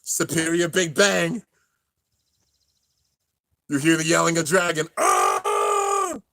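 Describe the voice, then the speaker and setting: A young man narrating an anime finale as he watches it live, excited and emotional. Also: fairly high pitch, a little slow, creaky, no echo. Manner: excited, narrating on-screen action, drops to near-tears murmurs. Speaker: anime reaction host. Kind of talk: live reaction commentary.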